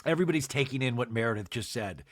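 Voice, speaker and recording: A man hosting a comedic podcast, recapping a reality TV episode with camp, animated, jokey asides on a close mic. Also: medium pitch, very fast, no echo. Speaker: podcast host.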